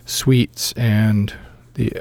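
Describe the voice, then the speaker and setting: A man narrating a tabletop game as its game master, in a low, gravelly voice. He talks in a measured way with frequent filler pauses. The sound is dry and close. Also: level tone, darkish tone, no echo.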